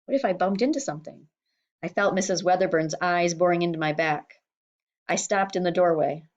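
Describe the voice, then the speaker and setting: A woman reading a children's novel aloud in a steady, expressive storytelling manner. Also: fairly low pitch, fairly quick, muffled recording. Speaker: audiobook reader.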